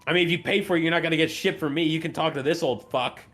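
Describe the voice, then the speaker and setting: A man voicing a hostile, foul-mouthed female barmaid who yells and swears at customers. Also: fairly high pitch, very fast, soft background music, voice pushed up. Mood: dismissive. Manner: yelling, swearing, curt.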